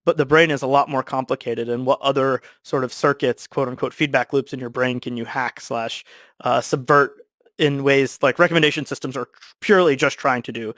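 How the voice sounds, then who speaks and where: A man speaking as a podcast guest, animated and quick, explaining with lots of fillers. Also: mid-range voice, no echo, studio quality. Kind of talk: casual discussion.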